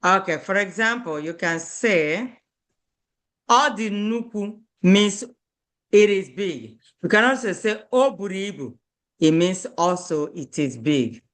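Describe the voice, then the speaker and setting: Slow, patient woman teaching a lesson. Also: medium pitch, a bit bright. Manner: slow, repeats words and stresses syllables for learners; firm with children who do not pay attention. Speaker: language teacher. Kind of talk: online beginner language lesson.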